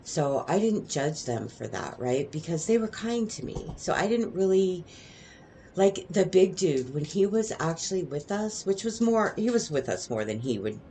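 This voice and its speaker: Low-pitched and warm, this woman's voice swings widely in pitch as she talks at a normal speed over slight background noise. She's a middle-aged vlogger casually recounting her past, digressing freely and tacking "right?" onto many sentences.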